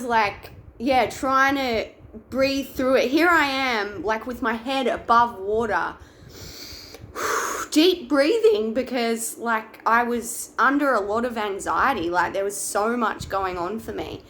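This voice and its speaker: Woman, young adult, chatty personal vlog, mid pitch, faint noise behind. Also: a bit bright. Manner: chatty, many "like" fillers and restarts. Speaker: wellbeing vlogger. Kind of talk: casual personal storytelling.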